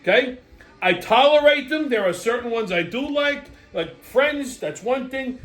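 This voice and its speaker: A man's voice: very high-pitched, lively intonation, a little slow, a bit bright. A man hosting a weekly wrap-up show, ranting in a crude, exasperated comic style. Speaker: host. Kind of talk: profane comedic rant.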